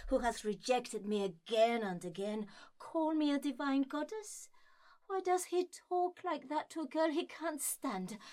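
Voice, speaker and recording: In an amateur stage-play reading, a woman with a high voice plays Helena, a hurt young woman who speaks with reproach and sarcasm.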